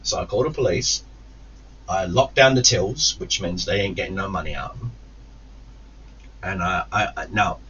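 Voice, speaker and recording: A man recounts an old workplace brawl with plenty of swearing, his pitch leaping up and down as he acts out each moment. His tone is bright and forceful. He sits a little back from the mic, and the sound is slightly dull and lo-fi. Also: husky, distant mic. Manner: profane, animated anecdote-telling with acted-out quotes. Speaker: gaming YouTuber. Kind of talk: casual storytelling to camera.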